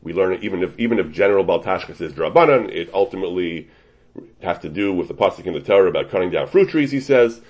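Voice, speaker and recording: A Torah teacher delivers a Talmudic lecture, unpacking a rabbinic ruling with many Hebrew and Yiddish terms. His slightly low, husky voice is animated and quick, rising and falling widely as he argues each point. The highs in the audio are cut off.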